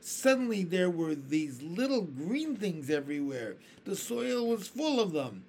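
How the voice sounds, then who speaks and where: A man's voice: high-pitched, very animated, a little slow, vocal fry, a little mellow, slight background noise, pitched above the performer's own voice, exaggerated voice. A man reading a storybook aloud, voicing an eager, chatty female spider.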